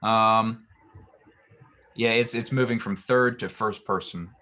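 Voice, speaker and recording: A man's voice: on the low side, steady tone, slow, sharp tone. A man teaching a Hebrew grammar lesson, explaining patiently with frequent ums and restarts.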